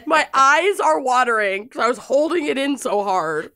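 A woman co-hosting a podcast in casual chat, giggly and animated, with a Minnesotan accent. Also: sits high, normal speed. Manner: giggly, animated, laughs often. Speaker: podcast co-host.

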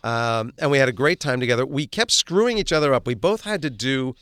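A middle-aged actor appears as a guest in a casual interview, telling lively, self-deprecating stories about show business. He speaks fairly quickly in a mid-range voice, with clean studio sound and no echo.

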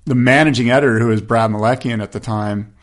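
Talking fast in a mid-range voice, a fifties-aged podcast guest tells a long story in a casual storytelling interview. He rambles, leans on fillers, and acts out what other people said.

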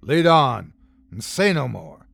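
A gruff cult leader gives orders in a frigid monotone, as a male narrator puts him on. The voice sits at an ordinary middle pitch and moves slowly and deliberately. It is a storybook villain with a hard, cold edge. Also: dry recording, studio quality, close to an everyday voice. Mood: cold commanding.

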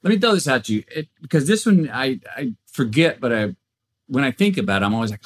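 A man guesting on a podcast, talking in a folksy, drawn-out, reflective way. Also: medium pitch, big pitch swings. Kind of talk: casual chat.

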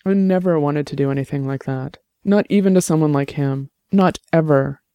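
A man voicing a shaken young woman who speaks softly and haltingly, close to tears. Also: on the high side, no echo, muffled recording, natural voice. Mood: fragile, tearful. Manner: soft, halting, tearful.

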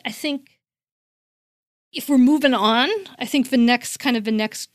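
A woman's voice: a little high, measured pace, no echo, clean studio sound. A woman co-hosting a podcast in casual discussion. She talks emphatically, repeats herself for stress and says "like" often. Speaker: podcast co-host.

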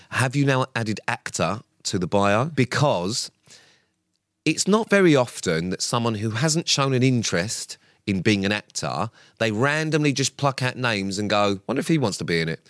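A man's voice: fairly low pitch, lively intonation, measured pace, fairly bright tone, no room sound, clean studio sound. A man co-hosting a podcast, teasing his co-host and swearing in casual chat. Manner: teasing, swearing, mock-serious.

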